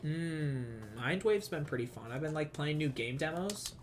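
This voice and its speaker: His voice is fairly high with lively intonation and a normal pace, with faint music behind him. A man from the Southern US with a Southern accent, he rambles and laughs while streaming a game, cursing often in casual chat.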